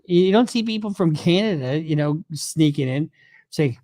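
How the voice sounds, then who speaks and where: A man with a fairly high voice talks through his views as a criminal lawyer in a loose, casual chat. He rambles, circles back and pads his points with fillers, and he sounds very dry and close to the mic. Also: animated, normal speed, darkish tone, dry recording.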